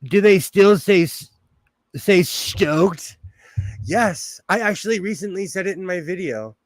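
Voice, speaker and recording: A chatty American man with a high-pitched voice hosts a sewing live stream from home. He talks slowly and playfully, laughing often. The sound is close and dry, with no room echo. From United States. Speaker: sewing livestream host. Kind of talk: casual live-stream chat.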